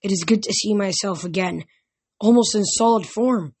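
A woman with a husky voice reading the lines of a smug, mocking male ghost king in an audiobook. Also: medium pitch, moderate pace, a little mellow.

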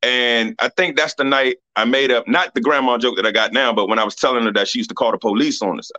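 Bright-voiced laid-back male comedian. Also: medium pitch, fast talker. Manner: laid-back, supportive, casual swearing. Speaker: stand-up comedian. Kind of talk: casual podcast chat. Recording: slightly dull lo-fi sound.

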